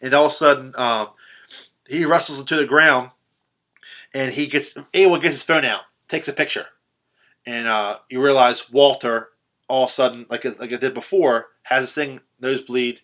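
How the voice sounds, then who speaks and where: A man on a podcast excitedly retelling a horror film's ending in casual, profanity-laced chat, full of ums and restarts. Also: mid-range voice, normal speed. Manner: animated retelling, swearing, filler-heavy. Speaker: podcast host. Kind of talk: casual film recap chat.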